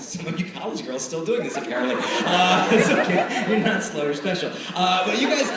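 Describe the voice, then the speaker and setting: A man giving a lively live talk to a student audience, often acting out the voices of the people in his stories. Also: high voice, brisk. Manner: animated, acts out quoted voices. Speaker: speaker addressing students. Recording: echoey hall from far off, faint hiss.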